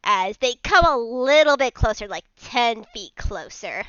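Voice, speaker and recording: Bright-voiced woman player, unhurried. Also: a little high, lively intonation, clean tone, no echo, lo-fi sound. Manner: casual, hedging with "like". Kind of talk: describing her character's actions in a tabletop game.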